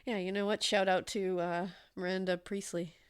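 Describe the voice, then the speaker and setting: A woman's voice: medium pitch, level tone, normal speed, smooth. A woman co-hosting a true-crime podcast, sounding congested and chatting casually with fillers and laughs. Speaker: podcast co-host.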